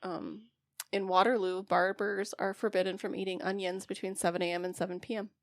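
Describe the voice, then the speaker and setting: A woman co-hosting a casual podcast, speaking calmly with some hesitant ums. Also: medium pitch, fairly quick, no room sound, clean studio sound. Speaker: podcast co-host. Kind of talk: casual group chat.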